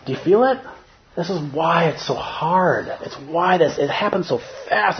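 A man's voice: a little high, sing-song, fast talker, dull audio, noisy background. A man teaching as a Zen teacher in a dharma talk, conversational and humorous, often checking in with listeners.

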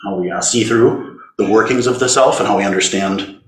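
A man teaching a dharma talk in a conversational, gentle way, turning tender as he speaks to inner suffering. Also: lowish voice, fairly quick. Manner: gentle, conversational, tender when voicing compassion. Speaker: Zen teacher. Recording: roomy hall recording.

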